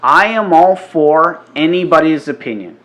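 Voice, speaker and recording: A man's voice: fairly high pitch, animated, moderate pace, fairly bright tone, rough recording. A man co-hosting a podcast in casual chat, talking emphatically, repeating his points and swearing often. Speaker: podcast co-host.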